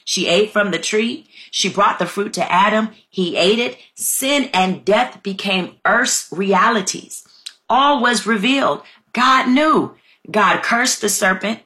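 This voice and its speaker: A woman delivers a fervent sermon in a bright, forceful voice. She reads scripture aloud and calls her listeners family, breaking in with exclamations of praise. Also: mid-range voice, takes it slowly. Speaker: preacher.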